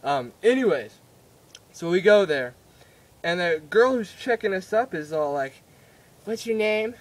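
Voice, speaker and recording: Young man, casual vlog story, rambling, giggly, fairly high voice. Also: sing-song, measured pace. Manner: rambling, giggly, with many fillers and restarts. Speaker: vlogger.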